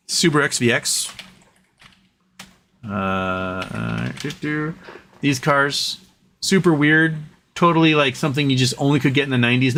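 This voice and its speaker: A man's voice: a bit bright, slight background noise. Rambling man hosting a casual livestream. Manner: rambling, talks to his dog in a high coaxing voice. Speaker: livestream host. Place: home during a thunderstorm.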